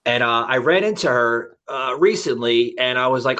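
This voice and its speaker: A man's voice: mid-range voice, normal speed, hardly any pauses, bright, forceful tone. A man from the United States hosting a podcast in casual chat, rambling with many fillers and restarts. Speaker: podcast host. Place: Florida.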